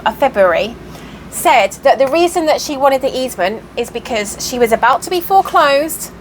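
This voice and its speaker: Woman, high bright voice, casual vlog rant with faint hiss behind. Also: low-quality recording. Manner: animated, exasperated, acts out quoted voices. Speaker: cross-stitch vlogger. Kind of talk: casual storytelling monologue.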